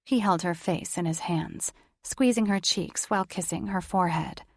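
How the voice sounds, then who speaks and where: In a low, gravelly voice, a woman reads a romance audiobook with measured, steady delivery. She was recorded on a studio microphone, and the sound is dry and close with no room sound at all.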